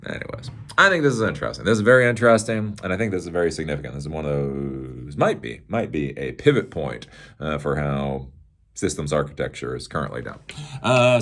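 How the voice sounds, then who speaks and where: A middle-aged man hosting a casual, rambling tech commentary show, sarcastic and laughing at his own jokes. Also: sits low.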